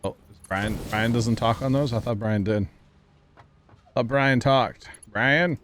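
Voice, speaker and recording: A man's voice: mid-range voice, unhurried, a bit bright, slight background noise. A man livestreaming a game, chatting casually with his viewers in a rambling way, thanking them and laughing easily. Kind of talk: casual gaming livestream chat.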